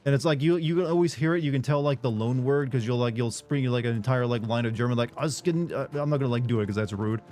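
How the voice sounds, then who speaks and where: A man's voice: mid-range voice, fast, few pauses, darkish tone. A man streaming a video game, chatting casually with viewers in a rambling, filler-heavy way with frequent swearing. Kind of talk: casual live stream chat.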